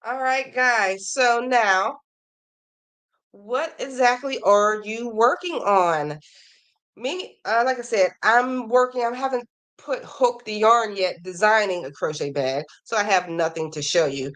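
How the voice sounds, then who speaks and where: A woman with a fairly high, bright voice speaks at a measured pace while hosting a crochet podcast. She reads viewers' emails in a casual, enthusiastic way, gushing over their work. Her voice is a little worn, as if she's slightly losing it.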